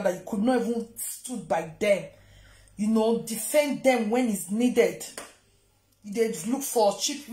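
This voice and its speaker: A Nigerian woman vlogger ranting to camera, scolding and taunting someone. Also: on the high side. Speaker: social media vlogger. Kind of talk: confrontational rant to camera. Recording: roomy echo.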